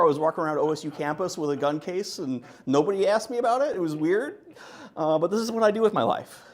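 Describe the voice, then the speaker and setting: A man giving a conference talk, joking and animated as he presents. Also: fairly high pitch. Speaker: conference speaker.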